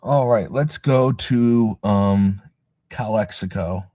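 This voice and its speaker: Low-voiced man rambling on a livestream. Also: takes it slowly, mellow, no echo. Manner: rambling, sarcastic asides, self-deprecating. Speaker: livestream host. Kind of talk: casual livestream chat.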